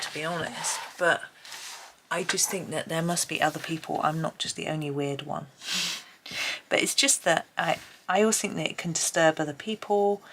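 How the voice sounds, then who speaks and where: A woman's voice: sits low, fairly bright tone. A woman with a mild British accent, chatting in a rambling way as she colours at her desk at home. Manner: rambling, chatty, many ums and restarts. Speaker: colouring channel host. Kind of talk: casual chat while colouring.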